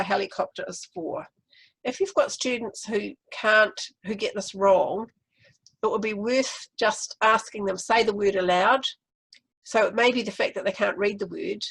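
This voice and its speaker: A woman's voice: mid-range voice, vocal fry, fairly bright tone, breathy edge, poor audio. A woman with a New Zealand accent presenting a literacy webinar, explaining classroom activities step by step.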